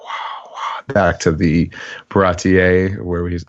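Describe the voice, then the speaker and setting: A man co-hosting a podcast, chatty in his recap, laughing often and slipping into quick voices for quotes. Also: deep voice, little pitch movement, some chatter behind. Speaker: podcast host. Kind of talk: casual chapter recap. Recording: muffled lo-fi recording.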